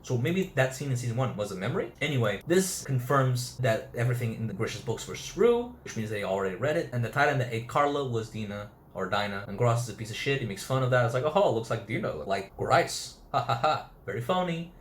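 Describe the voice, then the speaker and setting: A man's voice: mid-range voice, expressive, fast talker, few pauses, echoey room, a little hiss or hum. A man giving a casual, chatty review of an anime episode, swearing freely and acting out characters' lines. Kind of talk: casual video review commentary.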